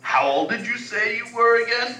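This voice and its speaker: A man's voice: very high voice, animated, normal speed, pushed and bright, slight background noise, voice pushed up, exaggerated voice. Man playing a stubborn big warrior. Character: big gruff male warrior, stubborn and wary. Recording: echoey room, distant mic.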